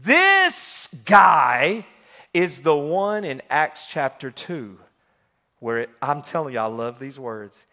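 A man, talking through scripture in an emphatic, folksy, excitable way. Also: medium pitch, measured pace. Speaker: preacher. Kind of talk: animated scripture talk.

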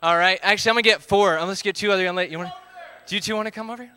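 Bright upbeat man leading a group game. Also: sits high, very fast. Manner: upbeat, calls out counts and instructions.

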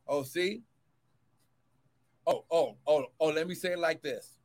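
A man preaching a livestreamed sermon as pastor and prophet, swinging between shouted cries of glory and quick, low asides to viewers.

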